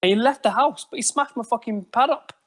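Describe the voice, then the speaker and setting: A man telling animated stories on a podcast, swearing often. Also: very high-pitched, fairly quick. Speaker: podcast guest. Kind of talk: casual chat.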